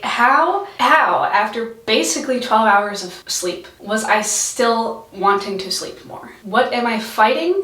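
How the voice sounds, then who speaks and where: A woman's voice: fairly high pitch, a bit bright. A young woman from California chatting casually to camera, bubbly and self-mocking, laughing often, on a poor camera mic. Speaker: vlogger. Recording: echoey room, poor mic.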